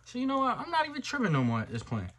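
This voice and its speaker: A man's voice: extremely high pitch, huge pitch swings, rapid-fire, a bit bright, slight background noise. A young man telling a story on his channel in a loose, slangy, profane way, jumping into the voices of the people in it. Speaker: storytime vlogger. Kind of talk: casual storytime monologue.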